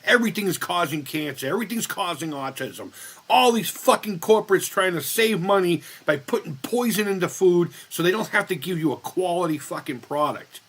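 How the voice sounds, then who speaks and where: A man's voice: high-pitched, animated, a little fast, fairly bright tone, husky. A man in his fifties hosting a casual live-stream chat, rambling, blunt and profane as he reads the chat. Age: 50s.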